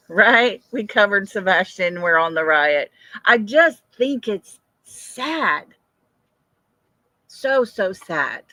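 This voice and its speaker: A woman's voice: medium pitch, lively intonation, takes it slowly, bright, forceful tone, no room sound. An older woman hosting a casual livestream, chatting, answering viewer comments and laughing often. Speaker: livestream host.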